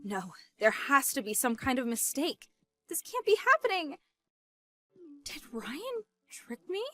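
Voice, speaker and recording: Woman voicing a shrill, stunned young sister. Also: very animated, moderate pace, faint music behind, exaggerated voice. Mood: shaken. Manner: disbelieving, rising to panicked shouting. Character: shocked young woman, the deceived sister Lisa.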